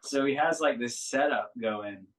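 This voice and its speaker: A man in a band chatting casually on a podcast, relaxed and joking with lots of fillers. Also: medium pitch, unhurried, distant mic, poor audio. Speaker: band member, guest.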